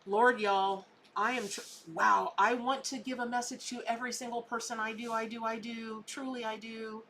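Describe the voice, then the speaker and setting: Lady doing live tarot, chatty and emphatic, bright crisp voice. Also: fairly high pitch, level tone, moderate pace, slight background noise. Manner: chatty and emphatic, repeats words for effect. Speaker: tarot reader hosting a live stream. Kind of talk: casual live psychic reading.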